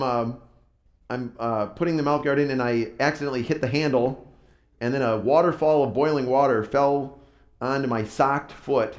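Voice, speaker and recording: A man preaching at middle pitch, telling a story in a relaxed, self-deprecating way. His voice rings in a roomy church hall. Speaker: pastor. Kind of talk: sermon storytelling. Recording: roomy echo.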